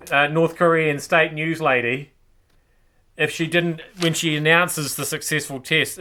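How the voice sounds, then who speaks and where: A New man hosting a comic news show, with a high and bright voice. He wanders through the stories with stumbling restarts and dry little asides. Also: slight background noise. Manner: rambling, hesitant, wry asides. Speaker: comedy show host.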